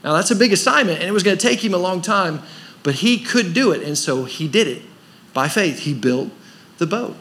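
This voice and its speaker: A man's voice: high-pitched, expressive, fairly quick, bright, forceful tone. A man preaching a sermon as pastor of a church, pressing his points with rhetorical questions and rising emphasis. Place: church service.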